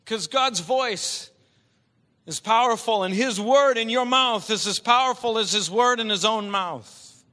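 A male preacher delivering an impassioned sermon, swinging from quiet talk to shouting. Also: high voice, unhurried. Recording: long hall reverb.

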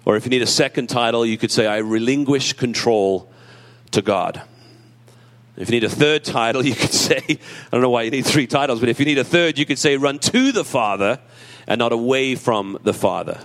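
A male pastor delivers a sermon in an easy, conversational way, close to tears and joking at his own expense. When he reads scripture his pitch climbs and he leans into the words. His voice sits in an average range for a man. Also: animated, fast, fairly bright tone, a little hiss or hum. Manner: emotional, conversational preaching with self-deprecating humor; rises in pitch and emphasis when reading scripture. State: tearful.

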